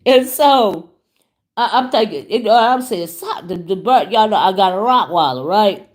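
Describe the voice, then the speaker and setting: Here a woman with a medium-pitched voice talks at a moderate pace, telling a story to her vlog audience. She hosts YouTube commentary, and her storytelling is casual, lively, and chatty, full of "y'all" and "child."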